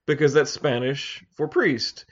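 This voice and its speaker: A man chatting casually as a podcast co-host, rambling and swearing, halting often to search for words. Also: fairly high pitch, lo-fi sound. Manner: rambling, profane, halting with many fillers. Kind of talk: casual chat.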